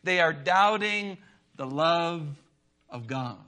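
Bright-voiced preacher, slow and dramatic. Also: male voice, fairly high pitch, lively intonation. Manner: preaching with dramatic rises and hushed drops; reads scripture in old-fashioned wording. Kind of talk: sermon.

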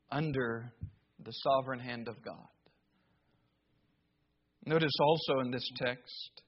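Slow, high-voiced preacher, muffled sound. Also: male voice, breathy edge. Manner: slow, emphatic preaching with dramatic pauses and rising emphasis. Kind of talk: sermon.

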